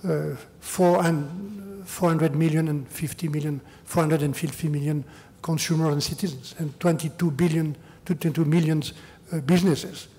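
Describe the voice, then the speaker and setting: A man's voice: fairly high pitch, mellow. An older man with a French accent, speaking English as a second language while answering audience questions in a lecture hall, repeating words and adding "huh?" to his points. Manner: non-native phrasing, repeats words, tags "huh?". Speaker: EU chief negotiator giving a lecture.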